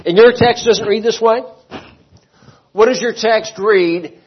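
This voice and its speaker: A man's voice: sits high, slow, long pauses, slightly rough, highs cut off. A pastor preaching a sermon to his congregation, emphatic and questioning them as he goes.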